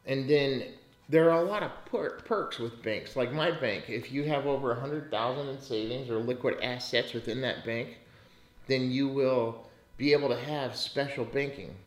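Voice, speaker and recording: On his casual podcast about money, a US host rants in bursts, blunt and profane with plenty of swearing. He speaks at a normal pace in a mid-range voice, and the audio has a roomy sound.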